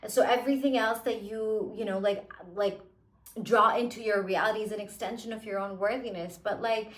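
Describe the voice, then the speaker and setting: A young woman coaching her viewers in an earnest, emphatic way, her talk dotted with "like" and "you know". Her voice sits at an average pitch for a woman. The room around her gives off a noticeable echo. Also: fairly even intonation, normal speed. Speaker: manifestation coach. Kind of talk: casual motivational monologue.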